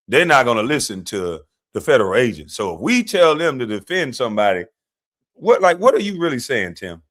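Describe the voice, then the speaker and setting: Guy ranting on his stream, pretty high voice that jumps all over, mocking and arguing with a clip. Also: big pitch swings, moderate pace, fairly bright tone. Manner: combative, mocking, talks back to clips. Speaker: livestream commentator. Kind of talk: heated political commentary livestream.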